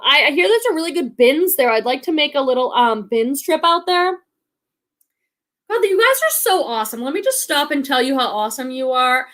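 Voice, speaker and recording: Bubbly, high-voiced woman live-streaming. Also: fairly bright tone. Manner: chatty, bubbly, many likes and ums, laughs often. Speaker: live stream host, online reseller. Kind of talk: casual live stream chat reading comments.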